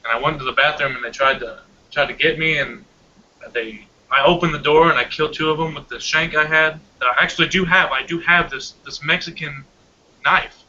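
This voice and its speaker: A young man chats casually with a very bright, slightly raised voice, telling a story with animated energy. The audio is dull and lo-fi, as on an online call. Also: on the high side, fairly quick, a little hiss or hum. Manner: animated storytelling, laughs often. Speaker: hangout participant. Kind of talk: casual chat.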